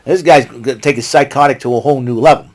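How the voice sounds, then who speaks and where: An American man hosting his own vlog, giving an excitable, rambling recap full of asides and restarts. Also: medium pitch, fast talker. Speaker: vlog host recapping wrestling.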